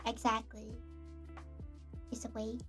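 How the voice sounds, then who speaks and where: A guest on a casual streamed chat, talking in a hesitant, halting way. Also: medium pitch, monotone, fairly bright tone, faint music behind. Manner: hesitant, halting, quick laughs. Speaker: podcast guest.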